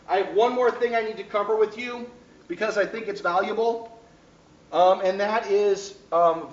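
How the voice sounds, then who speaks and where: High-voiced man lecturing a class. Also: far from the mic, slight background noise. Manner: keeps checking in with the class. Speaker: teacher. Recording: echoey classroom taped from afar, dull.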